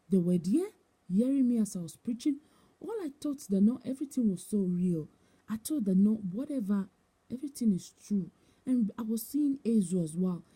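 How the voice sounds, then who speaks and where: Very dark husky woman. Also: medium pitch. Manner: emotional, repetitive storytelling acting out voices. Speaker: testimony speaker. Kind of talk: personal testimony.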